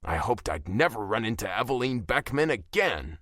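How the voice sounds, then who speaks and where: A man narrating a romance audiobook in the first person, with expressive, self-deprecating storytelling. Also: fairly low pitch, normal speed, dry recording, clean studio sound.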